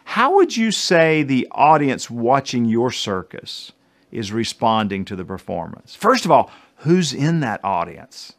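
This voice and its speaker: A middle-aged man with a North Carolina accent delivers a motivational talk, his pitch rising and falling in wide, animated swings. He slips in small jokes and speaks straight to his listeners, chatty yet purposeful. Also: measured pace. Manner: animated, jokey, addresses listeners directly. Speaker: keynote speaker. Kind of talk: motivational presentation.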